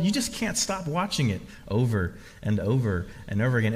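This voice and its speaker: A man preaching a sermon as pastor, emphatic and repetitive, often restarting his phrases. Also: a little high. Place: church hall. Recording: long reverb of a large hall.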